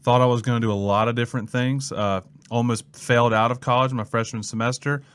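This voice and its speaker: A man's voice: medium pitch, quick pace, smooth. A young man from Mississippi, a student pastor telling his story in a casual interview and acting out the people he quotes. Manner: lively storyteller who acts out quoted people.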